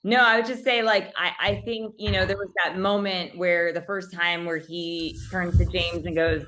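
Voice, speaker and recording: A woman's voice: fairly low pitch, steady tone, moderate pace, fairly bright tone, a little hiss or hum. A woman, an executive producer, speaking in an interview and acting out her own past thoughts as she tells a story. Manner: talkative, acts out her own thoughts in quotes. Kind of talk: video call interview.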